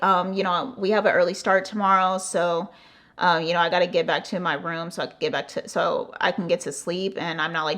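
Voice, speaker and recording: A young woman from the United States telling a casual storytime on her channel, animated and swearing freely, acting out the other person's lines and padding her talk with "like". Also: on the low side. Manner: animated, swearing, acting out quotes, frequent "like" fillers. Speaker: vlogger.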